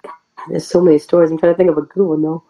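A woman pro wrestler with a low-pitched voice tells a story in a casual interview, heard through poor audio. She's chatty and animated, filling her speech with "like" and quick laughs.

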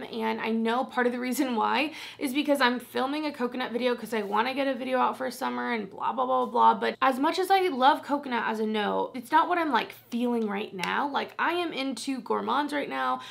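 A woman's voice: fairly high pitch, creaky, a bit bright. A young woman chatting casually about perfumes as a vlogger, rambling and self-deprecating. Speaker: fragrance vlogger. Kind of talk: casual chat.

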